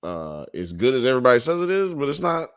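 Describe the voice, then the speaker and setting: A man's voice: mid-range voice, big pitch swings, quick pace, clear, resonant tone. A man hosting a casual podcast, blunt and profane with strong opinions. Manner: blunt, profane, hot takes. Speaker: host. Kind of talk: casual late-night podcast banter.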